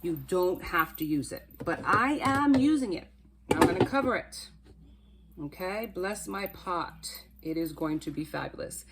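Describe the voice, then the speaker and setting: A woman's voice: on the low side, lively intonation, measured pace, very noisy. A woman hosting her own cooking channel, chatting playfully to viewers as she cooks. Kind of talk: casual cooking demo to camera.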